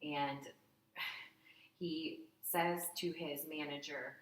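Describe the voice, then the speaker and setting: A woman in her thirties telling an emotional personal story in a candid, animated way, often acting out what people said. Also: low-pitched, normal speed. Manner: candid, heartfelt, animated retelling with acted-out quotes. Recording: echoey room, voice from a distance.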